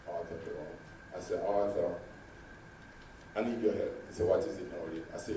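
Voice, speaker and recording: A man telling stories in a convention speech, swinging dramatically between loud and hushed. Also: fairly low pitch. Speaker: convention speaker. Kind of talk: storytelling speech. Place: large convention hall. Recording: echoey hall from far off, faint noise.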